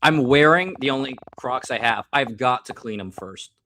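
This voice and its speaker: A man's voice: medium pitch, moderate pace, pushed and bright, slight background noise. An American man hosting a live stream, chatting casually and joking while drinking, rambling and self-mocking.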